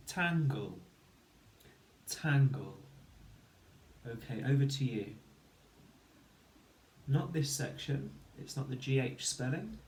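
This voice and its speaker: A man's voice: mid-range voice, darkish tone, reverberant, a little hiss or hum. A man teaching a phonics lesson to children, counting to three and sounding out letters one by one. He mentions having hay fever. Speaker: primary school teacher.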